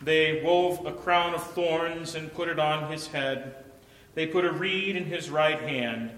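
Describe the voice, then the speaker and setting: A man narrating a scripture passage in a measured, solemn liturgical reading. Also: a little high, steady tone, a bit bright. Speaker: scripture reader. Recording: reverberant church.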